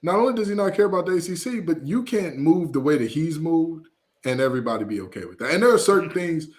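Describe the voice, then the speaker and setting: A man co-hosting a sports podcast, talking in an animated, emphatic way with playful asides. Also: on the high side, fast. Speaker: podcast co-host. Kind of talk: casual sports chat.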